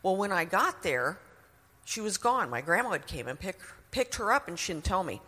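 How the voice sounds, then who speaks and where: A woman's voice: lowish voice, sing-song, normal speed, a bit bright, in a large hall. A middle-aged woman sharing a personal testimony in an earnest, emotional way.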